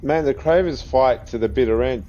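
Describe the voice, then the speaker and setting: Australian gamer guy, relaxed play-along chatter, a bit dull audio, faint game music behind. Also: mid-range voice, moderate pace. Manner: chatty, swears freely, laughs often. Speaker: gaming video creator. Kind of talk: casual gameplay commentary.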